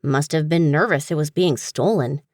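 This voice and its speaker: A woman voicing a grumpy, small winged male creature who talks in a gruff, exasperated way. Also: low voice, normal speed, darkish tone, dry recording, clean studio sound. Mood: grumbling.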